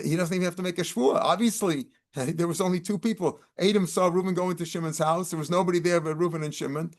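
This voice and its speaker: An older man, teaching Talmud line by line and translating each Aramaic phrase into casual English. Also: a little high. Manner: explains Aramaic terms in casual American English, with restarts.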